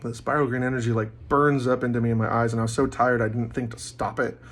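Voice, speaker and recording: A man in a casual monologue, rambling with many fillers and loudly acting out quoted voices. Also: medium pitch, little pitch movement, fast. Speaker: vlogger.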